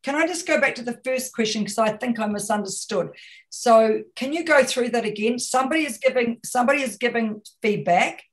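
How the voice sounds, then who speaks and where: A communication consultant with a New Zealand accent gives a webinar talk as a guest speaker, her voice on the high side and fairly quick. She speaks emphatically, favoring rhetorical questions and repeated phrases.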